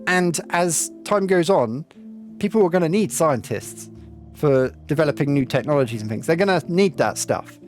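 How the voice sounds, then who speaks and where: A man's voice: on the high side, expressive, moderate pace. A man streaming a game and chatting with live viewers, rambling and reflective with lots of ums. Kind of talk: casual chat with live viewers while playing. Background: faint game music.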